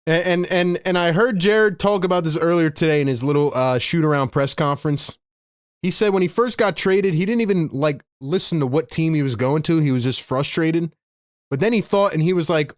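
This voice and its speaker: A man with a high voice calls the game live as a fan-show host. His commentary is casual and slangy, and he jumps into excited reactions. The sound is close and dry. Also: a little fast, no room sound.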